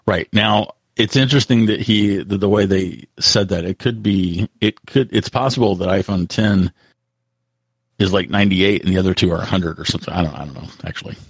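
A man co-hosting a casual tech podcast, talking in a halting way with frequent restarts. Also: low-pitched, creaky, slightly rough, no echo. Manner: halting, full of restarts, reads out quotes. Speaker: podcast co-host.

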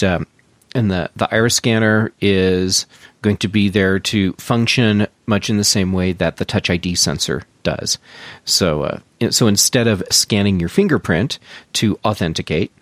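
Low-voiced man explaining tech news. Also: no room sound. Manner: explanatory, many fillers and restarts. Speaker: podcast co-host. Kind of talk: casual tech chat.

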